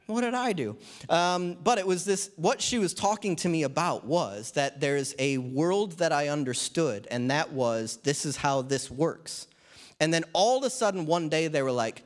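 A man's voice: fairly high pitch, expressive, normal speed. A man in his thirties or forties preaching a sermon in church, talking in a conversational way with humorous asides. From New Zealand.

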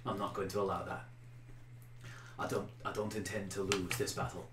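A man voicing a cool, wary male commander who distrusts orcs and speaks quickly, in a measured way, in a tabletop game. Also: little pitch movement, noisy background, natural voice. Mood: calm. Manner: quick, measured and low, rising to shouts. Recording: roomy echo.

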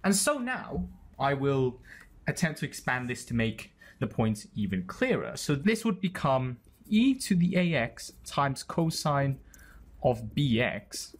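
A man explaining a maths problem step by step, pointing at terms as he writes them. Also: mid-range voice. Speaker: maths tutor. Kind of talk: explaining maths while writing.

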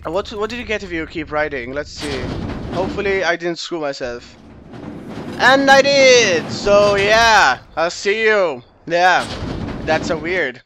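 A young man giving casual, goofy commentary while playing a video game, chatting and reacting out loud to the game. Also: a little high, lively intonation, normal speed, background noise. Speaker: let's play gamer.

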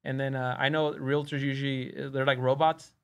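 Animated man telling stories. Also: mid-range voice, brisk, smooth. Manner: animated, acts out quoted dialogue. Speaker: podcast guest, real estate wholesaler. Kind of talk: casual storytelling.

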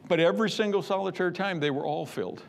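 A male pastor preaching a sermon in an emphatic, repetitive way, rising into loud bursts. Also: sits high, fast, vocal fry.

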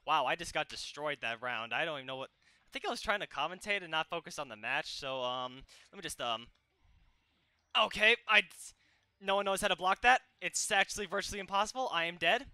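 Young male gaming host, bright and crisp, live play-by-play full of excited shouts. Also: sits high, no echo. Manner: excitable, yelps and shouts at the action. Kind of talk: live gameplay commentary.

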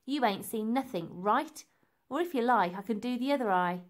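A woman's voice: fairly high pitch, expressive, normal speed, close to an everyday voice. A woman reading aloud, voicing a cocky little girl who threatens another child. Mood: menacing.

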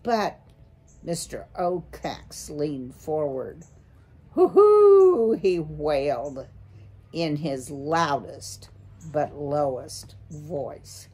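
A woman reads a children's novel aloud slowly and carefully. Her voice sits on the low side and her pace is very unhurried, the way a storybook reading is meant to be taken in. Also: darkish tone, husky. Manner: slow, careful read-aloud. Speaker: storybook reader.

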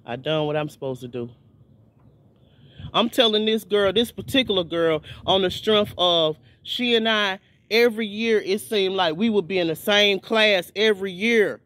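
A man with a notably high voice delivers an informal video sermon. He preaches fervently, circling back on his words and repeating phrases for emphasis. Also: moderate pace, fairly bright tone. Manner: fervent, repetitive, many restarts.

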